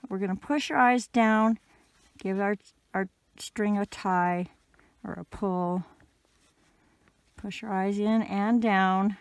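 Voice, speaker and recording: A woman giving a casual, patient step-by-step crochet tutorial, talking gently with the odd "um". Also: medium pitch, fairly even intonation, slow pace, pauses often, smooth. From Canada. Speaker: crochet instructor.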